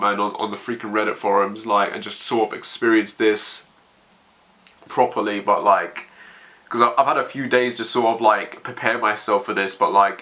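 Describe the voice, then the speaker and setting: A man's voice: lowish voice, bright, forceful tone. A man emotionally reacting as he reads a manga chapter aloud, stammering and narrating what happens.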